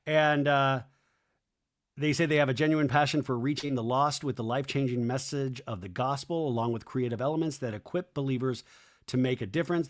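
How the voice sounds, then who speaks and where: A man hosting a podcast, recapping a reality show in a chatty, sarcastic way, slipping into mock voices when he quotes people. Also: mid-range voice. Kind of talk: casual recap commentary.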